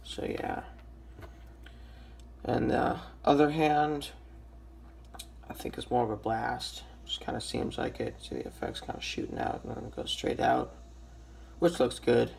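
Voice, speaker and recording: A young man with a raspy, just-woken-up voice, casually reviewing a toy with lots of ums and restarts. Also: mid-range voice, unhurried, long pauses, a little mellow, a little hiss or hum. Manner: hesitant, many ums and restarts.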